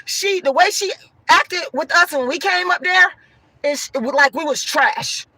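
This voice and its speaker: A woman venting loudly and emphatically to her viewers, repeating herself as she talks. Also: extremely high pitch, a little slow, no room sound, rough recording. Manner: loud, emphatic and repetitive. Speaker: vlogger.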